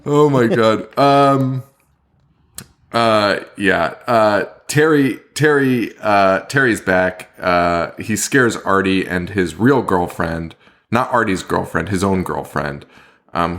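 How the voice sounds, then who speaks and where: A man's voice: on the low side, lively intonation, slow pace, a bit bright. A young man co-hosting a podcast, recapping a horror movie in casual talk, swearing a lot and laughing often. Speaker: podcast co-host.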